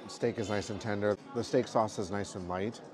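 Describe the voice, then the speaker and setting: A man in a casual travel vlog, chatting in a relaxed way while reviewing food and giving park tips. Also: on the low side, normal speed, over music. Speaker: travel vlogger. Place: theme park restaurant, then hotel.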